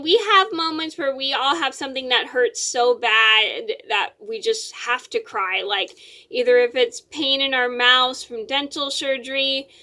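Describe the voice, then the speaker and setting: A woman's voice: high voice, bright, forceful tone. A young adult woman vlogger telling a personal story in a casual, rambling way, with lots of fillers and repeated words.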